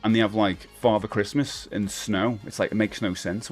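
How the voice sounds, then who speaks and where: A man's voice: fairly low pitch, steady tone, moderate pace, faint music behind. A middle-aged man hosting a live stream, rambling casually and answering chat comments. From United Kingdom.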